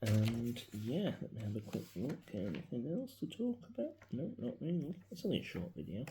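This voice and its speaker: A man, talking casually and reflectively into his phone in a personal vlog, his voice often dropping to a soft mutter. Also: mid-range voice, big pitch swings, normal speed, noisy background. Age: 40s. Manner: rambling, reflective, grieving, drops into soft mutters. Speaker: vlogger. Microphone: mobile phone.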